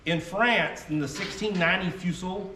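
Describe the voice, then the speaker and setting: Man, folksy joking history presenter, slightly high voice, recorded from a distance. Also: normal speed, sharp tone, a little hiss or hum. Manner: folksy, joking, tangent-prone storyteller. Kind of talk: casual teaching talk to an audience. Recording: echoey room, mic far off, faint ambience.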